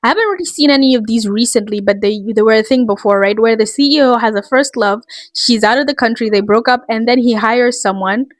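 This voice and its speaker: A woman's voice: fairly high pitch, fairly quick, no room sound. A woman vlogger ranting in a casual, rambling, exasperated way, full of fillers. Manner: rambling, exasperated, heavy use of "like".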